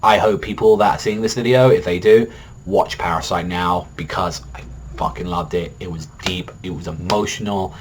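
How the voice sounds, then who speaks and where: A man's voice: deep voice, fairly even intonation, moderate pace, a little hiss or hum. A young man reviewing an anime episode in a casual, rambling way, swearing often and filling gaps with "like" and "you know". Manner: rambling, heavy swearing and filler words.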